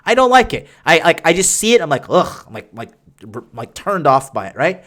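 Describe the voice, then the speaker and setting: A man's voice: on the high side, sing-song, fairly quick, a bit bright. A young man hosting a podcast, talking crudely and boastfully in a rambling casual monologue. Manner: rambling, with many fillers and restarts. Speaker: podcast host answering listener questions.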